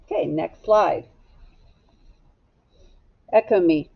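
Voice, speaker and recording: A woman teacher leads a phonics lesson at a slow, deliberate pace, sounding out syllables one by one with patient care. The recording is slightly dull and muffled. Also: on the low side, lively intonation, creaky, husky. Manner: slow, patient, drawn-out instruction.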